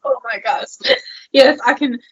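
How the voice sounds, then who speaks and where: A woman co-hosting a podcast in casual chat, expressive and self-deprecating, laughing easily. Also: high-pitched, measured pace, slightly rough. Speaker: podcast co-host. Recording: slightly dull, lo-fi sound.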